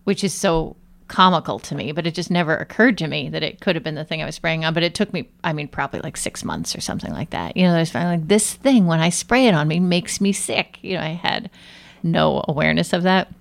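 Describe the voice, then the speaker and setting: A woman's voice: sits low, lively intonation, fast, gravelly. A woman guest, a nurse and aromatherapist, talking casually and animatedly in an interview with many fillers.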